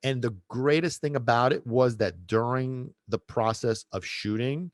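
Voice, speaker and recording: A man's voice: medium pitch, unhurried, no room sound, studio quality. A middle-aged man hosting a podcast, telling a casual story in a rambling way with many restarts and asides. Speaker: podcast host and dog trainer.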